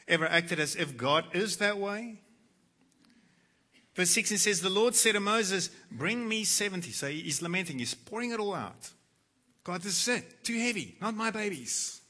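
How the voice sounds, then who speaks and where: A man preaching a sermon, reading scripture aloud and moving between hushed, quiet passages and loud, emphatic quoted lines. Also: high voice. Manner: dramatic, swings from hushed to loud when quoting scripture. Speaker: pastor.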